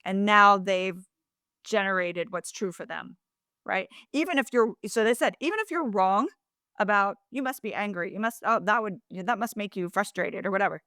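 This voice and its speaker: A woman co-hosts a podcast in an easy, talkative chat, often restarting her sentences. She slips into quoted phrases as if acting them out. Her voice sits in a middle pitch, and the sound is dry with no room echo. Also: normal speed. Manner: animated, acts out quoted phrases in shifting voices; talkative, frequent restarts and asides. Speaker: podcast co-host. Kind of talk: casual chat.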